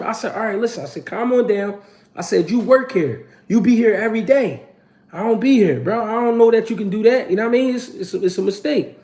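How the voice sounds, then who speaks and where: A man's voice: a little high, expressive, fairly quick, a little mellow. A man, hosting his channel and telling a story to a live audience in a casual, slangy and profane way, acting out the quotes. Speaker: channel host.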